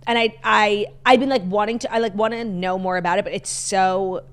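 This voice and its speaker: A woman co-hosting a podcast, telling stories in an animated, chatty way with many filler "likes". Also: medium pitch, brisk, clean tone. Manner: chatty, animated storytelling with frequent "like". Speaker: podcast co-host. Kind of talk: casual chat.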